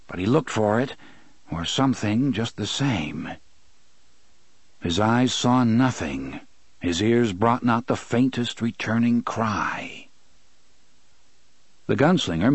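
Measured male audiobook narrator, low-pitched, in a dry studio. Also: no echo. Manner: measured, steady reading. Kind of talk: scripted narration.

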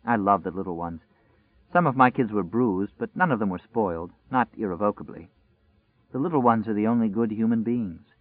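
A man reading a wistful, guarded woman schoolteacher in her late thirties, speaking softly in a restrained way. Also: on the low side, lively intonation, fairly quick, dry recording. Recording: dry, tinny phone-like sound.

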